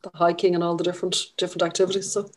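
A middle-aged woman journalist from Ireland chats about her work as a guest, enthusiastic and full of small restarts. Her voice sits fairly low for a woman. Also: little pitch movement, rapid-fire. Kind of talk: casual interview.

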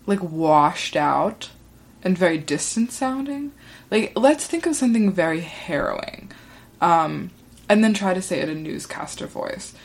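A woman hosting a solo podcast, talking in a chatty, rambling way with lots of "like" fillers. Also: on the low side. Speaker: podcast host. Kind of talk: casual solo monologue.

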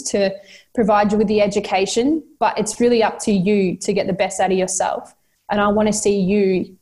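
An Australian woman coach talks through her answers with sincere, motivational conviction. She circles back and repeats words as she gathers her thoughts. Her voice sits at an ordinary middle pitch. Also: a little mellow. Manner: heartfelt, motivational, repeats herself while thinking. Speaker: football coach, guest. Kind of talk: earnest interview answers.

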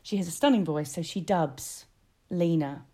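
A woman's voice: on the low side, normal speed. Woman, forties, stage actress, effusive chatter. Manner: gushing, excitable storytelling. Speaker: West End musical actress, guest. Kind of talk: casual chat.

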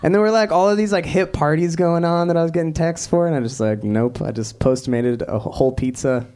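A man's voice: on the high side, fairly quick, a little mellow, clear, resonant tone. Rambling self-deprecating male host. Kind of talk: casual chat.

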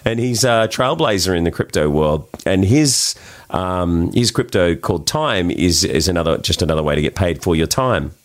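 Animated Australian man telling travel stories. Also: moderate pace. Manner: animated storyteller, many restarts, jumps high for quoted voices. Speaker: guest. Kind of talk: casual interview chat.

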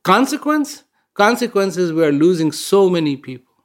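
Man, fairly high voice, emphatic, repeats words for stress, conversational storyteller, inspirational talk. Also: very animated, normal speed. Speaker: speaker giving a reflective talk.

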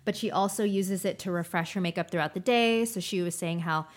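A woman's voice: lowish voice, a little fast. A young woman co-hosting a casual beauty chat, talking in a chatty way with lots of fillers. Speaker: podcast co-host.

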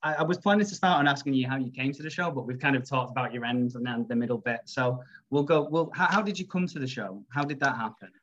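A man's voice: mid-range voice, quick pace, hardly any pauses, a bit bright, dull audio. A man hosting a casual interview, asking questions and throwing in jokes. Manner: joking, chatty questioner. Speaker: podcast host.

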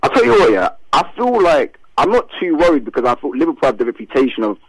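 Brief: male fan caller, livid and emphatic, husky dry phone-in sound. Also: mid-range voice, very animated, fast talker, dry recording, poor audio. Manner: frustrated, emphatic football fan.

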